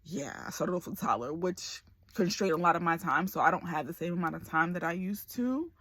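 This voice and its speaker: A woman's voice: fairly low pitch, expressive, a little fast, a bit bright, no room sound. A woman in her forties talking candidly to camera in a personal vlog, emotional and close to tears. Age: 40s. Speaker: vlogger.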